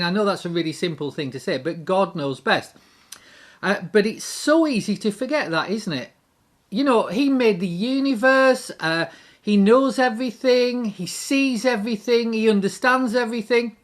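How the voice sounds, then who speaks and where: A man giving a short devotional talk, earnest and reflective, posing many questions to the listener. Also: high-pitched. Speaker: Christian devotional speaker.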